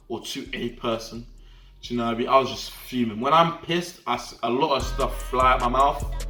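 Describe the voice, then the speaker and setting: A young man telling a story in an animated, slangy way, often checking that the listener follows him. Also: medium pitch, roomy sound. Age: young adult. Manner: animated slangy storytelling, often asking the viewer "do you get what I'm trying to say". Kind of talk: casual storytime vlog.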